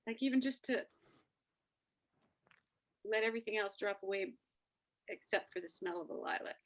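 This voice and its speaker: A woman's voice: mid-range voice, moderate pace. A woman hosting a casual, reflective chat, telling stories animatedly. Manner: animated storytelling, acting out quoted dialogue. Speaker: host.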